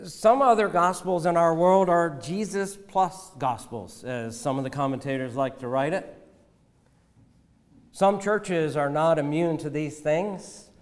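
A man preaching a sermon as pastor, measured and deliberate, often asking rhetorical questions. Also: on the high side, in a large hall.

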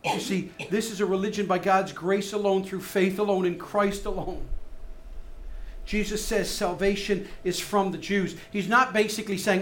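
A man preaching a sermon, moving between soft, hushed lines and loud, rising emphasis. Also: high-pitched, steady tone, moderate pace, slight background noise. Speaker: pastor.

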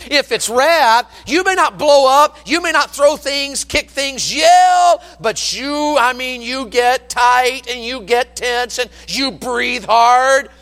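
A man preaching a sermon from the pulpit, telling folksy stories in an animated, down-home way. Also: very high voice, big-room sound. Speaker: pastor. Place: church sanctuary with long reverb. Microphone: pulpit microphone.

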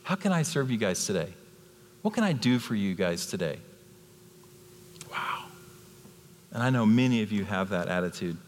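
A guest preacher in his fifties speaks at normal speed in a fairly low voice, pausing often, with a little hiss or hum on the recording. His sermon is animated storytelling with acted-out voices, echoing through a church sanctuary's long reverb.

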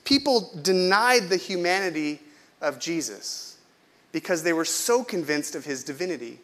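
A man's voice: a little high, expressive, normal speed, fairly bright tone. A middle-aged male pastor from California preaching a sermon in a conversational, self-deprecating way, often asking the congregation questions.

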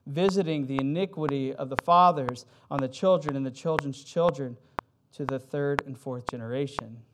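A man's voice: mid-range voice, normal speed. A man preaching a sermon in a conversational way, with fillers and self-corrections, who reads scripture with rising emphasis. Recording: loud background noise.

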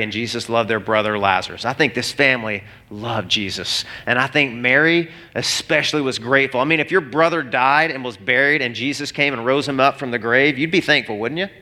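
A male pastor preaching a sermon to a congregation, animated and conversational, often restarting phrases. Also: mid-range voice. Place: church hall before a congregation.

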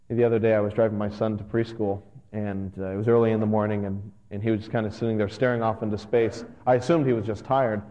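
A man in his thirties, a pastor, giving a conversational and earnest sermon that gets animated at times. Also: on the low side, fast talker. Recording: dull lo-fi sound with long hall reverb.

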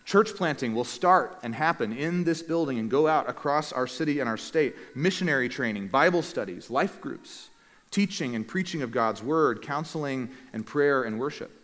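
A male pastor delivers a sermon in a measured, earnest voice at an ordinary middle pitch, slowing down for weight on key lines. His voice rings with a long reverb tail from the church room he speaks in. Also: lively intonation, a bit bright. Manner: measured, earnest delivery with slow emphatic phrases.

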